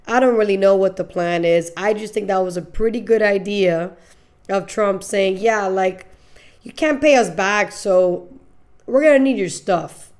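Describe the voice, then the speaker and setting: A woman's voice: medium pitch, measured pace, darkish tone. A young woman hosting a podcast, chatting loosely about the news, joking and laughing often, with casual swearing. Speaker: podcast host. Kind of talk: casual political commentary.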